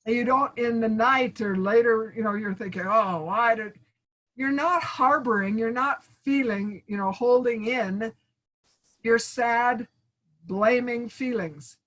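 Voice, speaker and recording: This woman's voice is a little high and fairly bright, and she takes an unhurried pace in her online coaching session on a video call. Calling her listeners friends, she encourages them and acts out example phrases in asides, with poor audio throughout.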